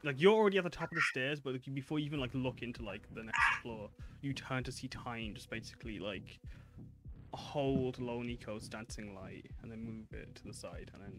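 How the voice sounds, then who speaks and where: A man's voice: mid-range voice, a little fast, over loud music. A man running a tabletop game as game master, who explains at length with many "like"s and laughs easily.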